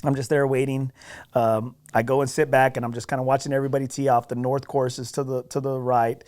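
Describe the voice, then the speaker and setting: A man on a podcast telling a golf story in a casual, animated, self-deprecating way, often checking in with "right?". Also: medium pitch, brisk.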